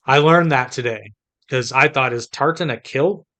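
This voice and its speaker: A man's voice: mid-range voice, moderate pace, pushed and bright. A man from the United States co-hosting a podcast in casual chat, chatty and rambling with frequent restarts. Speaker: podcast co-host.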